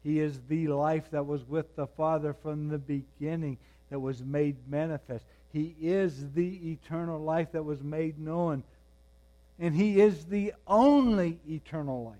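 A man preaching a sermon, moving between quiet, intense passages and raised, emphatic ones. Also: a little high, a little slow. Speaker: pastor.

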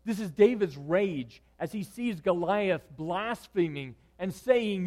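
A man preaching a sermon, moving between loud, emphatic lines and hushed, quiet ones. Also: sits high, lively intonation, unhurried. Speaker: pastor.

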